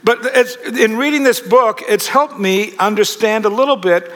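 A man's voice: sits high, moderate pace, a bit bright, long reverb tail. A man from Australia giving a sermon, telling stories with humour and asking the audience questions. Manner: humorous storytelling, asks the audience questions. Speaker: pastor.

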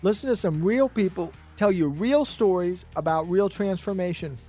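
A man's voice: sits high, normal speed, dark tone, soft background music. A man hosting a radio talk show, preaching with fervent, repetitive motivational conviction. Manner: fervent, preachy, repeats phrases for emphasis. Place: radio studio. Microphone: studio microphone.

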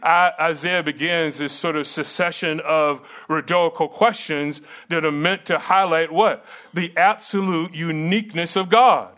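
A man's voice: on the high side, fairly even intonation, measured pace, hardly any pauses, bright, forceful tone. A middle-aged man preaching a sermon and teaching at a seminary, earnest and emphatic with rhetorical questions.

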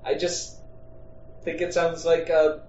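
A man's voice: a little high, completely flat delivery, slow, a little mellow, slight background noise. A man in casual chat, explaining hesitantly with many fillers. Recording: dull roomy sound from a distance.

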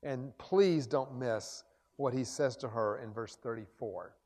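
A man preaching a sermon in a chapel, building to loud, fervent exclamations. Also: medium pitch, unhurried, big-room sound. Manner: impassioned, rising to loud exclamations.

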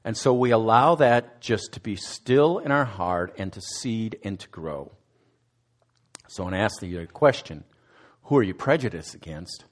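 With a fairly low, animated voice and a moderate pace, a student ministries director gives a sermon in a conversational style. He questions his listeners directly, with a few restarted words along the way.

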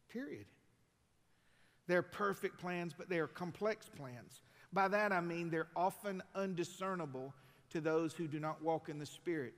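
A man preaching a sermon as pastor, building to shouted emphasis and dropping into folksy asides. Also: on the high side, in a large hall. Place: church sanctuary.

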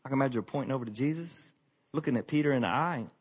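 A man preaching a conversational sermon to his congregation, candid and self-deprecating, often sinking into a quiet, confessional tone. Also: mid-range voice, very fast, slightly rough. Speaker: pastor.

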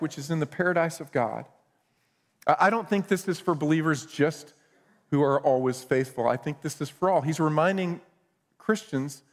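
A man's voice: a little high, big-room sound. A middle-aged male pastor preaching a conversational sermon with self-deprecating humor.

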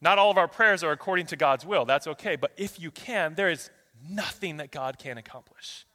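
A man preaching in a large church sanctuary, his tone bright and forceful, his voice sitting a little higher than most men's. It carries with a long hall reverb around it. He swings between loud, rushing passages and hushed, slow ones, reading scripture verses one after another. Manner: reads a long string of scripture verses in quick succession. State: out of breath. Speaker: pastor. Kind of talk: sermon.

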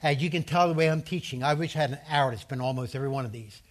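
A male preacher and seminary teacher giving a sermon, stressing points by repeating them and asking the audience to say verses out loud. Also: medium pitch, rapid-fire. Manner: emphatic, repeats key phrases, has the audience say verses aloud.

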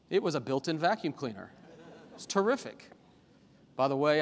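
Animated preacher in a hall. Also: male voice, mid-range voice. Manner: animated preaching with humorous personal asides. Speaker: pastor. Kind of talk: sermon. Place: church sanctuary. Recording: long reverb of a large hall.

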